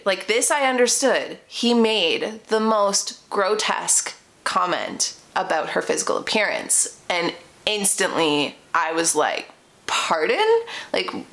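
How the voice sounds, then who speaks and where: A woman's voice: mid-range voice, a bit bright. A young adult woman vlogger telling a dating story in a casual, chatty way, full of fillers and self-corrections.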